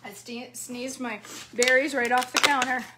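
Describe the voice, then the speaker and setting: A woman's voice: high-pitched, fairly even intonation, moderate pace, heavy background noise. A woman chatting to her viewers while cooking and eating, answering their comments. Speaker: cooking vlogger. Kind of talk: casual cooking vlog chat.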